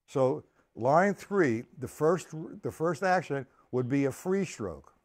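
Teaching a drum lesson on a live stream, a man with a fairly high, darkish voice counts beats out loud and walks through each stroke step by step.

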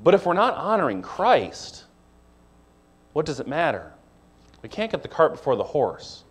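A man preaching a sermon from the pulpit, his voice pitched on the higher side for a man. He talks in a relaxed, conversational way, speeding up through asides and slowing for emphasis. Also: husky. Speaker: pastor.

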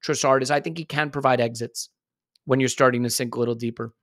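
A man's voice: medium pitch, steady tone, fast talker, a bit bright, no echo, clean studio sound. A man hosting a football podcast, giving worked-up opinions in casual chat. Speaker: podcast host.

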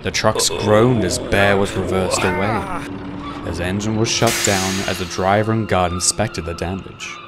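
Low-voiced man narrating a railway story. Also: steady tone. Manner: measured, voices all the characters. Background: background music.

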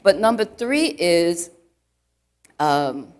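A woman's voice: mid-range voice, normal speed. Chatty woman preaching to a congregation. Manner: chatty, full of "you know" asides, quizzes the congregation. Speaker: church elder preaching. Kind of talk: conversational sermon. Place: church, before a live congregation.

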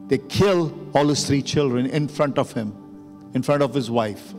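Music runs under a man's sermon in a church sanctuary, where long reverb fills the hall. His voice is mid-range and a little mellow at normal speed as he tells an emotional story that builds to urgent preaching.

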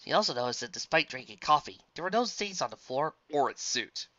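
A woman reading a fan fiction story aloud as narrator, in a plain, steady reading voice. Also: deep voice, brisk, no room sound, muffled recording.

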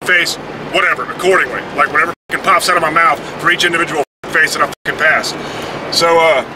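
A man rants bluntly, swearing freely as he tells his story. His voice sits fairly high for a man. Loud vehicle and traffic noise runs under the recording. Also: fairly even intonation, quick pace. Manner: profane, blunt, heated storytelling. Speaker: vlogger. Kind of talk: casual ranting monologue. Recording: noisy, with vehicle and traffic sounds.

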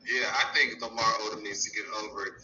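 A man's voice: lowish voice, fairly even intonation, quick pace, bright, forceful tone, soft background music. A man co-hosting a gossip talk show, dramatic and playful in his banter. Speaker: co-host. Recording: dull, distant mic with faint noise.

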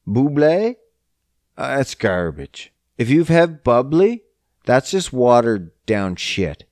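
A man's voice: medium pitch, very animated, slow, darkish tone, dry recording, studio quality. A man hosting a casual solo podcast, rambling and swearing constantly. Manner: profane, rambling, heavy swearing. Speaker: podcast host.

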